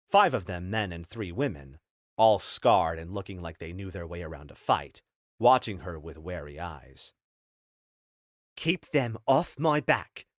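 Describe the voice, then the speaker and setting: A man's voice: sits low, no room sound. A man narrating an audiobook in a scripted style, telling the story steadily on a close studio mic.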